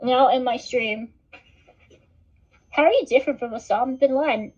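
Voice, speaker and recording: A woman's voice: high voice, moderate pace, slightly rough. A woman hosting a casual livestream, rambling and swearing, with "like" and "dude" in most sentences. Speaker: livestream host. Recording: dull lo-fi stream audio.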